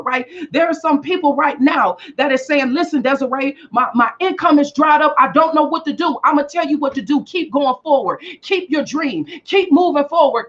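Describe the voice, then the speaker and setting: A woman giving a motivational talk in a preaching style, repeating lines and rising to shouts for emphasis. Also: sits high, highs cut off. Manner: repetitive call-and-response preaching, shouting for emphasis. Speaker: motivational speaker.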